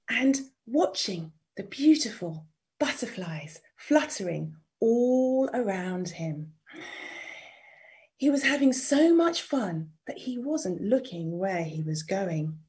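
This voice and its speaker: A woman storyteller reading a children's story aloud, expressive, dropping to whispers and inviting listeners to join in. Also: a little high.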